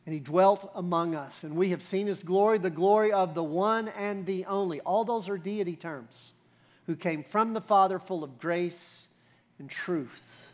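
A man's voice: sits high, measured pace. A man preaching a sermon as pastor, talking in a conversational way with rhetorical questions and emphatic builds.

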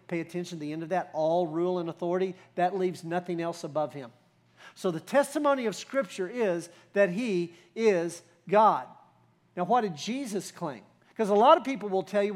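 A man preaching a sermon as pastor, talking in a conversational way with rhetorical questions and emphatic builds. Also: high voice.

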